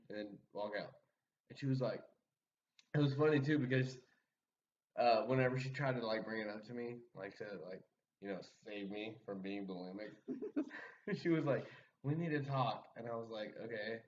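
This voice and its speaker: Young man rambling through a laughing story. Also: medium pitch. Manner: rambling, laughs often, lots of fillers. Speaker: podcast guest storyteller. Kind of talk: casual storytelling chat. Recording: muffled sound, distant from the mic.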